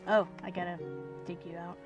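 A woman casually commenting on her own gameplay, chatting to herself and the game and slipping into whispers. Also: fairly low pitch. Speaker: gaming video host. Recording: loud background music.

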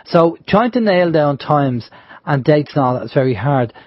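A man chatting on an internet radio show, thinking aloud and circling back as he talks. His voice sits a little high and has a slightly husky edge. The recording is dry and dull, with a lo-fi feel. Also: lively intonation, normal speed, no echo. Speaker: radio host. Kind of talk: casual radio talk. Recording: dull, lo-fi sound.

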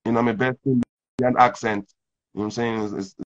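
Male host, casual interview chat, rambling and relaxed, dull lo-fi recording. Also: medium pitch, a little fast. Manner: rambling, laid-back, many fillers. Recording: dull lo-fi sound.

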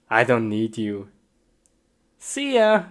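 A woman acting in a comedy skit, speaking simple broken English that breaks into sudden high squeals of panic. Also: huge pitch swings, drawn-out words. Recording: noisy background hiss.

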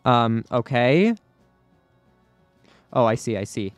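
A man's voice: medium pitch, sing-song, takes it slowly, dry recording, soft background music. A man giving live commentary over his own gameplay, anxious and repeating himself under pressure. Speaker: gaming YouTuber.

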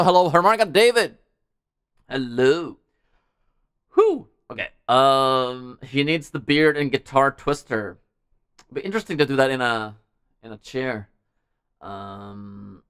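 A man's voice: medium pitch, a bit bright, clean tone, no room sound, clean studio sound. Chatty male livestream music host. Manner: loose and chatty, greets viewers, many fillers. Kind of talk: casual livestream chat between songs.

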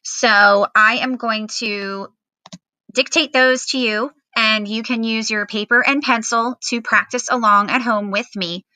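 A woman's voice: a little high, steady tone, a little slow, sharp tone, no room sound, poor audio. A woman teacher giving a recorded phonics lesson to children at home, patiently spelling out words with fillers.

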